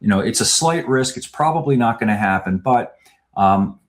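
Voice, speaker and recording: A man speaking as a podcast guest, laying out his points in a measured, explanatory way. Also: medium pitch, lively intonation. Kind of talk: podcast interview.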